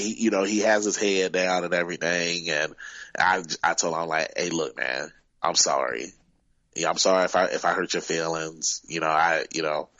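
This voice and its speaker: A man's voice: sits low, fairly bright tone, dry recording, lo-fi sound. A man, a guest wrestler, telling stories casually in an interview, rambling with many fillers.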